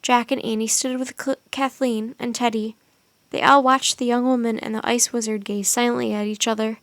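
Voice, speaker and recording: A woman reading a children's chapter book aloud as a storyteller, steady and expressive. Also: fairly high pitch, moderate pace, no room sound.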